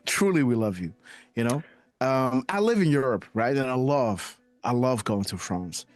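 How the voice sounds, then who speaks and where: A man hosting a live stream in casual chat, enthusiastic and playful, giving shout-outs. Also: medium pitch, animated, normal speed. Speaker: host of a live show.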